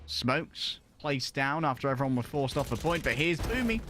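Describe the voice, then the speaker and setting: A man casting an esports match play by play, excitable and shouting at big plays. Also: mid-range voice, normal speed, noisy background. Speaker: esports caster.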